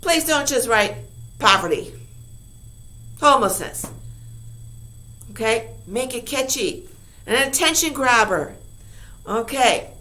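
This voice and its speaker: A woman teacher reviewing a lesson for her class, upbeat and emphatic, full of rhetorical questions and quick "okay?" checks. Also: on the high side, animated, pushed and bright. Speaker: high school English teacher.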